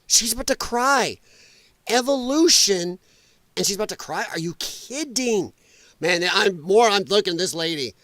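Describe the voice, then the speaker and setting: A man's voice: high-pitched, expressive, moderate pace, a bit bright, no room sound. A man hosting a live political commentary stream, reacting bluntly and profanely to clips and laughing often.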